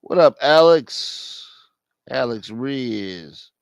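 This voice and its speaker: A man's voice: mid-range voice, animated, drawn-out words, clean tone, no echo. A man hosting a late-night livestream, brash and profane as he talks straight to his chat at home. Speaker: livestream host. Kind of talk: casual chat. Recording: dull lo-fi stream audio.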